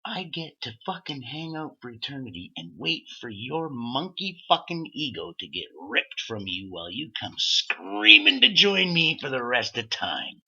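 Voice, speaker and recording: A man with a husky, rather low voice rambles through a profane rant and laughs at his own stories. His tone is edgy and sharp, swinging widely up and down. The audio sounds dull and lo-fi. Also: very animated, normal speed, hardly any pauses.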